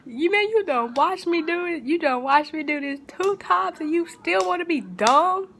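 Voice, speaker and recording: A woman voicing her furious older sister, yelling and scolding in a high, loud voice. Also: expressive, normal speed, slight background noise, heavily acted.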